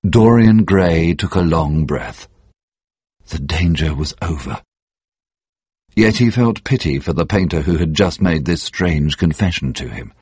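A man narrating an audiobook in a measured, even storytelling manner. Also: extremely low pitch, husky, dry recording.

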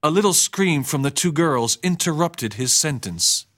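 Measured male audiobook narrator. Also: a little high. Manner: even, measured storytelling. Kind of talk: scripted narration.

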